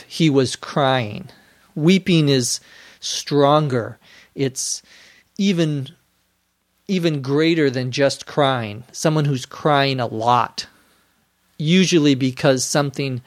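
A man teaching English on a podcast, explaining words slowly and clearly, spelling some of them letter by letter, with a dry sense of humor. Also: a little high, no room sound.

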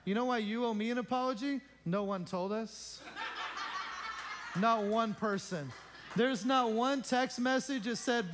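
A man's voice: high-pitched, a little slow, fairly bright tone, a little hiss or hum. A male pastor making informal announcements to his congregation in a church, joking and chatty and often asking the room questions. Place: church sanctuary.

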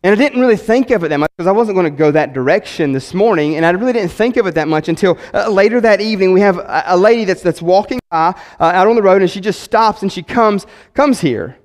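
A man's voice: sits high, expressive, fast talker, hardly any pauses. A man preaching a sermon as pastor, enthusiastic and chatty, rambling with frequent restarts. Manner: enthusiastic, conversational.

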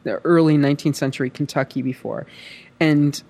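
A woman talks in relaxed casual chat about her acting work. She is animated and rambling, with a lot of fillers and restarts. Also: low-pitched, a little fast. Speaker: actress.

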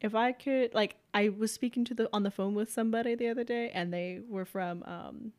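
A woman's voice: fairly high pitch, fairly even intonation, brisk, a little mellow. Bubbly woman chatting on a podcast. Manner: bubbly, giggly, uses "like" a lot. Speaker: podcast co-host. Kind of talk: casual chat. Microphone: podcast mic indoors.

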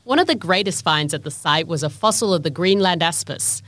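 A woman narrating a documentary in a measured, steady scripted voice. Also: fairly low pitch, no room sound.

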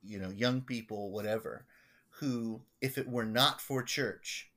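Rambling pastor telling stories on a podcast. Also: male voice, mid-range voice, bright, forceful tone. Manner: rambling, halting, many restarts. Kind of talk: casual storytelling chat.

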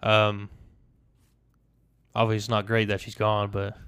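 Man, podcast co-host, low voice, smooth, matter-of-fact, dry sound. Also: monotone, measured pace, fairly bright tone, dry recording. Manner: short, matter-of-fact replies. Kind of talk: casual chat.

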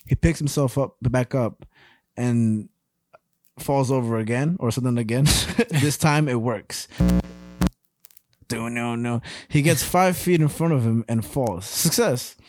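A man's voice: medium pitch, measured pace, a little mellow, no room sound. Giggly laid-back young man. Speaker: podcast co-host. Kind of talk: casual podcast chat, reading a comic story.

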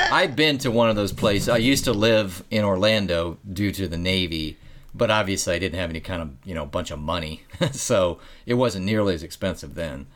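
A man with a fairly low voice co-hosting a casual chat. He jokes dryly and stumbles through restarts and fillers as he tells stories. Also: normal speed, a bit bright. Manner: dry, joking, with hesitant restarts. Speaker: co-host.

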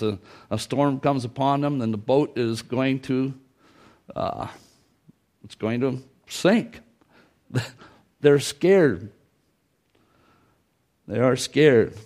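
A man preaches a Sunday sermon in a church. His voice sits at an ordinary middle pitch, and his delivery is folksy, with repeated phrases and quoted lines acted out for the congregation. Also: a little mellow. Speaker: pastor.

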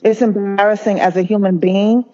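A male nurse speaking as an interview guest, earnest and impassioned, often halting and restarting mid-sentence. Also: high-pitched, level tone, warm tone. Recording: muffled lo-fi audio.

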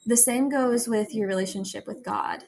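A woman's voice: on the high side, a little mellow. Earnest young woman sharing faith talk. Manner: earnest, confessional, quick to laugh at herself. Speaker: faith podcast host. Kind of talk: candid personal devotional talk.

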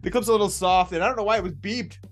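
Energetic excitable man hosting betting talk. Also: high-pitched, racing. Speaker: podcast host. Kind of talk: casual sports betting chat.

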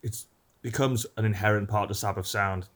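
A British man with a low voice explains the music with clear enthusiasm. He keeps it casual and chatty, stopping to pick his words. This is a relaxed podcast talk. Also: brisk. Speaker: podcast co-host. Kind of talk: casual chat.

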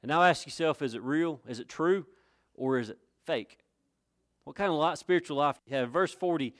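Pastor guy preaching, folksy and chatty, bit higher voice, gets loud and emphatic. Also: brisk. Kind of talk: sermon.

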